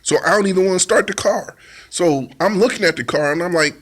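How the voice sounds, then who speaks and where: A man's voice: high voice, fairly quick, a bit bright. A man telling a personal testimony in a vivid storytelling way, acting out his own side of an argument in plain informal speech. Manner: informal speech with dialect grammar. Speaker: testimony speaker.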